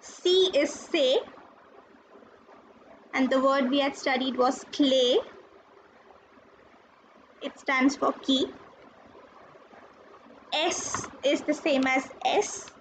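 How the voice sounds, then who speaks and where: A woman's voice: high-pitched, slow, pauses often. A woman teaching a recorded French lesson, patiently spelling out letters and repeating each word. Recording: dull lo-fi with faint noise.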